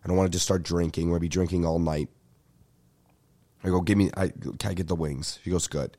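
A young man, telling a comic story as a podcast host in an animated, profane rant. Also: low-pitched, fairly quick. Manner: animated ranting with frequent profanity. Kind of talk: ranting comedic storytelling.

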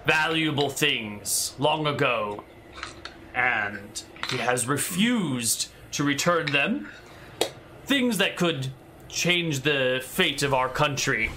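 A man's voice: medium pitch, lively intonation, takes it slowly, pushed and bright, a little hiss or hum. A man voicing a stern, formal older knight leading a patrol in a tabletop game. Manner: formal, curt.

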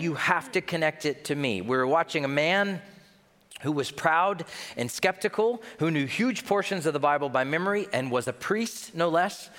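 Man, pastor, sermon, emphatic, slightly high voice, long hall reverb. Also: a bit bright. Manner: emphatic, with rhetorical questions.

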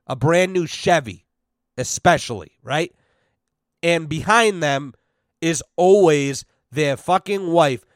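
A young man rants on his podcast, blunt and cursing freely as he tells exasperated stories. His voice sits a little high, and the close, dry recording has no room sound. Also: no echo. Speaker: podcast host. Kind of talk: casual profane podcast rant.

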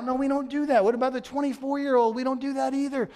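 A man's voice: very high-pitched, little pitch movement, fast, a little mellow. A male pastor preaching a sermon in a conversational way, repeating phrases for emphasis.

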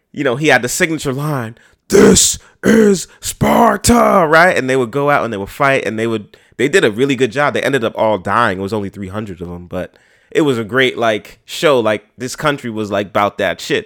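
A man's voice: medium pitch, a little fast, fairly bright tone. A man, hosting a podcast in a slangy, profane, rambling way. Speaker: podcast host. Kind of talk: casual podcast chat.

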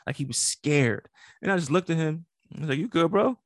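A man's voice: on the high side, a little fast, no room sound, studio quality. A man co-hosting a casual podcast, telling stories animatedly with lots of slang. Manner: animated storytelling, heavy slang, frequent laughter. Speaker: podcast co-host.

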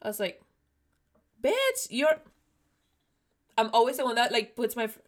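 A young woman hosting a podcast in casual chat, excitable, swearing freely and saying "like" all the time. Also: a little high, rapid-fire. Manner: excitable, swears a lot, says "like" constantly. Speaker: podcast host.

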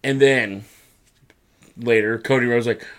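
A man co-hosting a casual wrestling recap, talking in an animated way and acting out the wrestlers' lines in put-on voices. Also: mid-range voice, measured pace. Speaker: podcast co-host.

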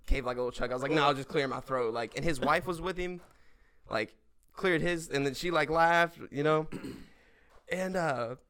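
A young man, a podcast guest, telling a story in casual chat, animated and swearing, laughing as he goes. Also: fairly high pitch, moderate pace, clean tone. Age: young adult.

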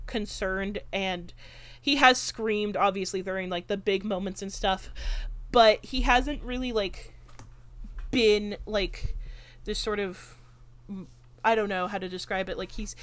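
Woman, podcast host, casual chat, rambling, filler-heavy, swears a lot, middle pitch. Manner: animated retelling of film scenes.

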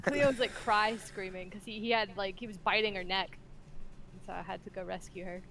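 A woman's voice: mid-range voice, fairly even intonation, a little fast, fairly bright tone. A young woman chatting casually with friends on a podcast, explaining things matter-of-factly. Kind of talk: casual chat among friends.

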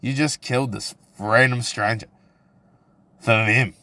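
A man's voice: medium pitch, fairly even intonation, measured pace, sharp tone, dry recording. A young man with a New Zealand accent hosting a solo podcast, ranting in a crude, profane, provocative way with lots of restarts. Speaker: podcast host. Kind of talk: casual solo podcast rant.

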